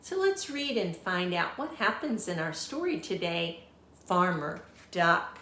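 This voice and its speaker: A woman teacher reading a picture book aloud at a slow, unhurried pace. Her voice is bright and clear, and she pauses often to ask the children questions. It sounds like an echoey room. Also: lowish voice, sing-song, slight background noise. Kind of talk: read-aloud storytime for children.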